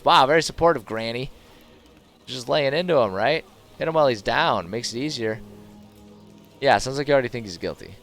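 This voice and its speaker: Sarcastic guy streaming a game, gravelly voice, pitch jumps around a lot. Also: expressive, brisk. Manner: sarcastic, joking asides to in-game characters. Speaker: gaming streamer. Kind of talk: casual gameplay commentary.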